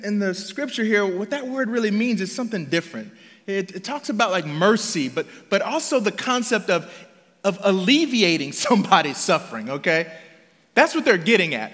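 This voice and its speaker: Pastor guy preaching, pretty high voice, chatty and emphatic, lots of restarts, big echoey church hall. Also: sing-song, fairly quick, sharp tone. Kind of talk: sermon.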